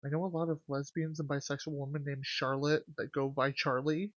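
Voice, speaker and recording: A young adult streamer in casual let's-play commentary, reading game lines aloud and chatting to viewers with animated, swearing asides. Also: medium pitch, brisk, no echo, dull audio. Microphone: desk mic with gain adjusted.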